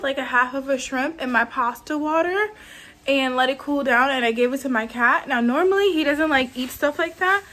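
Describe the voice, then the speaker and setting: A woman's voice: high-pitched, a bit bright, a little hiss or hum. A woman vlogging casually from her home kitchen, rambling and chatty with a lot of "like", in a New York accent. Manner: chatty, rambling, heavy use of "like". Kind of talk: casual vlog chat.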